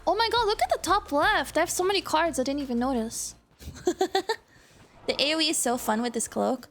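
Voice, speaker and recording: A woman's voice: high-pitched, a little fast, soft background music. A woman streamer chatting casually while playing a game, giggling often and reading messages from her chat, with a hiccup now and then. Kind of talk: casual gameplay commentary.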